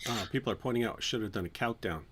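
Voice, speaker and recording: A man's voice: on the low side, fast, a bit bright, husky. Joking man hosting a livestream. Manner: joking, teasing, breaks into mock singing. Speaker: host. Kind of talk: casual livestream chat.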